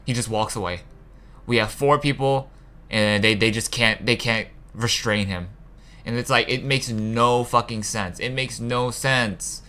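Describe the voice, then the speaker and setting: A man's voice: medium pitch, a little slow, bright, forceful tone. A young man hosting a gaming channel, ranting casually about a game's story, frustrated and profane, with rambling asides. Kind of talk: casual rant about a game.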